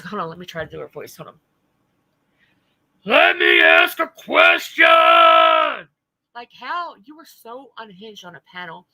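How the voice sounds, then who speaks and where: A woman's voice: mid-range voice, vocal fry, bright, forceful tone, no echo, rough recording. A woman streamer ranting in blunt, profane, heated commentary to her live chat. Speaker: livestreamer.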